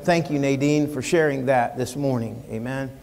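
An American man preaching a sermon from the pulpit in an earnest, folksy manner, sometimes slowing into drawn-out, emphatic lines. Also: medium pitch, vocal fry, darkish tone. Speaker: pastor. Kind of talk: sermon with a read-aloud poem. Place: church sanctuary, speaking from the pulpit. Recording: long church reverb.

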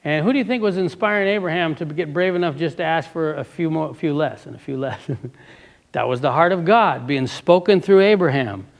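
A man delivers a fervent sermon, reading a passage and then breaking off to question his listeners. His voice sits a little high and carries a gravelly fry. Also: fairly quick. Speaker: preacher. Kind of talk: sermon reading from a book with commentary.

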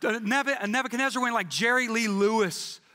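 Male pastor, animated sermon, high voice, long church reverb. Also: normal speed. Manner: animated, jokey storytelling with playful quoted voices. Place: church sanctuary.

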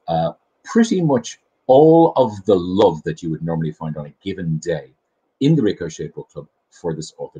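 Husky low-voiced Irish man hosting. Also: mellow, dull audio. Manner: chatty, enthusiastic, self-deprecating. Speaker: host. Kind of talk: casual chat show monologue. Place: home kitchen.

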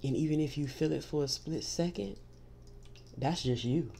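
Speaking at normal speed in a low, gravelly, warm voice, a tarot reader offers a spiritual reading straight to the listener. She's emphatic and reassuring, repeatedly starting with "see" to press each point, and a little hiss or hum sits under the audio.

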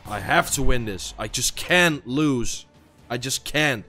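A man's voice: medium pitch, lively intonation, takes it slowly, sharp tone, soft background music. A tired young man, a non-native English speaker, swearing and muttering to himself during gameplay commentary. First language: not English. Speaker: gaming YouTuber.

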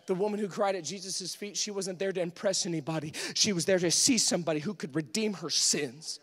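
Brief: male Pentecostal preacher, very high and bright-toned, impassioned delivery that climbs to shouts. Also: a little fast, few pauses. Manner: impassioned, building from hushed pleading to shouts. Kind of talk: Pentecostal sermon. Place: church sanctuary.

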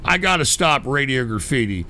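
A man hosting a comedic call-in show, swearing, shouting and ranting in exasperation at his callers. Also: mid-range voice, lively intonation, normal speed, noisy background.

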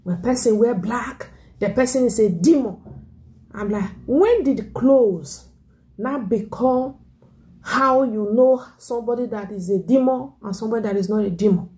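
A woman evangelist with preaches a sermon to her listeners. Her voice sits a little high, with a warm, mellow tone. She delivers it in an animated way and slips into mocking voices for her critics. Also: normal speed.

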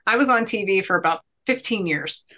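A woman's voice: mid-range voice, expressive, brisk, sharp tone. A woman in her thirties, a podcast guest, telling stories in an earnest, emphatic, motivational way. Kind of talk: conversational storytelling.

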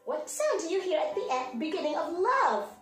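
A woman, a preschool teacher, giving a slow, sing-song morning lesson to small children. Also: very high-pitched, sing-song, echoey room, soft background music. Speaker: pre-K teacher.

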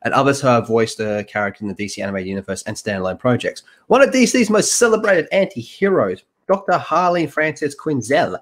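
A man's voice: mid-range voice, lively intonation, a little fast, hardly any pauses. A man hosting a casual reaction podcast, reading news aloud and trading profane jokes with co-hosts. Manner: joking, profane, banter with co-hosts.

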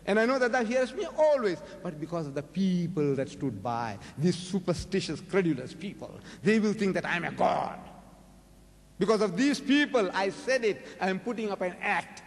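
An older man with a South African accent lectures on scripture in a big hall, his voice ringing with a long echo. His pitch is high and leaps about wildly as he hammers home rhetorical questions. The delivery is dramatic and declamatory. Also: expressive, normal speed, vocal fry. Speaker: preacher. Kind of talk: public lecture on religion.

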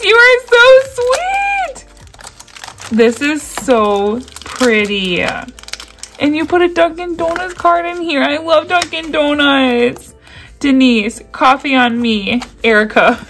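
A woman chatting excitedly as she unboxes gifts sent by a friend, gushing, gasping and laughing often. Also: mid-range voice. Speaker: YouTube creator unboxing mail.

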